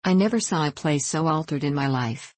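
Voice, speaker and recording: A woman reading an audiobook voices an earnest, dull young gentleman who repeats himself. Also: sits low, lively intonation, a little fast, dry recording. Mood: eager. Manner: earnest and repetitive. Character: dull, eager young gentleman, easily impressed.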